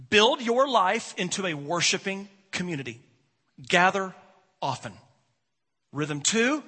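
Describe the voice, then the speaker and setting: A male pastor delivers a sermon in a bright, husky, fairly high voice whose pitch rises and falls widely. He leans into dramatic pauses, swinging between strong emphasis and quiet asides, and the long reverb of a large hall rings around him.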